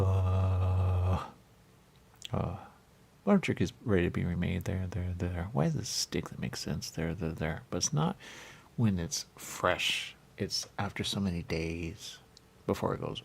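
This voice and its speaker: A man's voice: sits low, a little slow, vocal fry, slightly rough. A man hosting a radio show, rambling comically and repeating himself, often breaking into silly voices.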